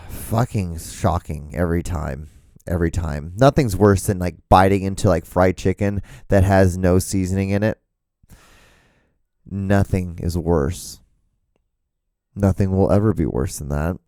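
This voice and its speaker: A man's voice: low-pitched, warm tone, dry recording, studio quality. A man hosting his own solo podcast, rambling jokily and swearing freely in a casual monologue. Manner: rambling, profane, jokey. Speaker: podcast host.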